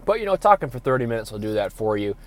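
A man hosting a solo fitness podcast, hoarse from being sick, talking in an energetic, announcer-like way with many fillers. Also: medium pitch, racing. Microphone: podcast microphone.

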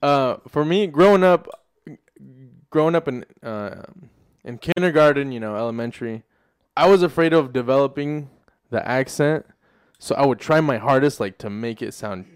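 A man's voice: medium pitch, moderate pace, smooth, no echo, studio quality. A man in casual podcast chat, chiming in often and calling people dude. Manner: supportive backchanneling, says dude a lot. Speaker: podcast co-host.

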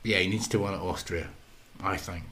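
A man's voice: low-pitched, fairly quick, a bit bright. A man from Ireland, co-hosting a podcast in casual, teasing, rambling banter. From Northern Ireland. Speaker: podcast co-host.

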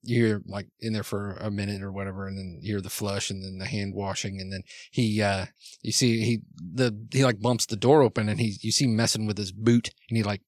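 A man narrating as game master, rambling and halting with many restarts. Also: fairly low pitch, steady tone, no room sound, studio quality.

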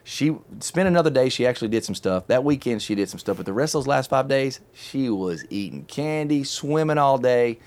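A middle-aged man hosting a casual chat, telling a long story in an animated, chatty way and laughing often. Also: medium pitch, a little fast, few pauses. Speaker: podcast host telling a story.

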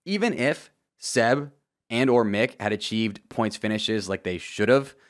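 A man's voice: fairly low pitch, unhurried. Joking young man recapping a race. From Florida, USA. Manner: joking, animated, asides and sudden loud outbursts. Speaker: motorsport commentator. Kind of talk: casual video commentary.

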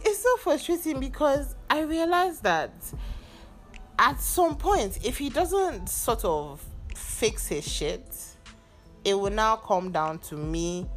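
Nigerian woman ranting on her podcast, lowish voice that jumps all over, swears a lot. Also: measured pace, faint music behind. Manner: exasperated, animated storytelling with swearing. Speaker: podcast host. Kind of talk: casual solo venting monologue.

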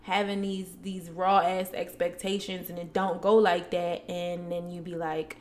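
A woman's voice: fairly low pitch, little pitch movement, a little slow, darkish tone, a little hiss or hum. A young adult woman co-hosting a podcast, telling stories in casual chat with blunt, profane talk. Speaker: podcast co-host.

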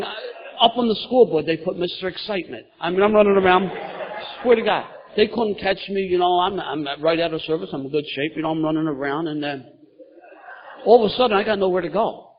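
A middle-aged man telling his recovery story at a meeting, lively and laughing as he goes. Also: high voice, brisk, crowd noise. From Philadelphia, USA. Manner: animated storytelling, gets loud and laughing at funny parts. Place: meeting room in front of an audience. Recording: dull lo-fi meeting recording.

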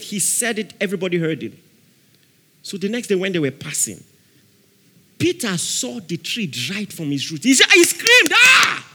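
Animated preacher in an echoing hall. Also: male voice, high-pitched, slightly rough. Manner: animated preaching, acting out quotes, laughing, shouting prayers. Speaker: pastor. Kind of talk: sermon. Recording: long hall reverb.

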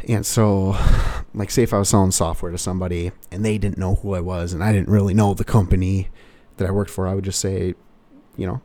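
A man's voice: low-pitched, normal speed, mellow. A male car salesperson giving casual sales advice in a rambling way, full of "you know" fillers.

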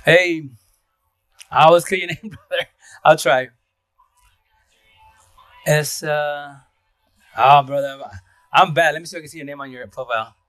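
A man talks casually on a home live stream, moving fast and restarting his sentences. His voice sits a bit high, and the sound is dry and close. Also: steady tone, a bit bright, no echo, soft background music. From Seattle area. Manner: fast, rambling talk with restarts. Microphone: phone.

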